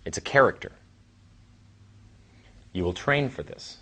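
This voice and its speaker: A man in his thirties giving a casual, rambling seminar talk as a trainer, with sighs and long pauses. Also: medium pitch, lively intonation, sharp tone, slightly rough. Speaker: dating coach and trainer.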